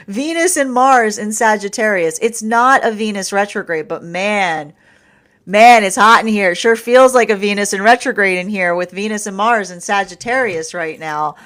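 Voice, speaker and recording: A woman's voice: medium pitch, moderate pace, fairly bright tone. A woman giving a casual tarot and astrology reading, rambling with frequent laughs and restarts. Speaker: tarot reader.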